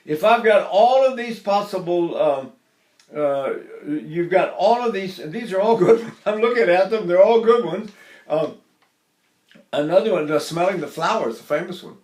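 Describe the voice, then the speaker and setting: A man's voice: high voice, lively intonation, moderate pace, darkish tone, roomy sound. An older man teaching a singing lesson, explaining technique and breaking into short sung exercises. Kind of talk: singing lesson with vocal demonstrations.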